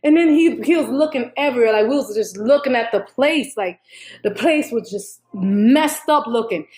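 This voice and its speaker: Young woman, high voice, rambling on about a dream, lots of restarts and acting out what people said. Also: moderate pace. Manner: rambling, animated storytelling with many restarts and quoted dialogue. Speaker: YouTuber sharing a prophetic dream. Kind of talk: casual spoken dream account.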